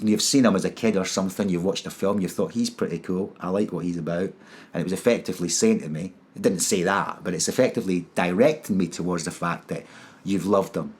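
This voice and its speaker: Man, slightly low voice, interview testimony, earnest, halting, repeats words. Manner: earnest, emotional storytelling. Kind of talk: personal testimony.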